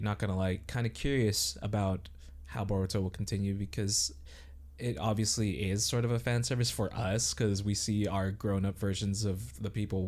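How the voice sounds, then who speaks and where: A man's voice: fairly low pitch, a little mellow. A man co-hosting a casual podcast, rambling hesitantly with many restarts. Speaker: podcast co-host. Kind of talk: casual chat.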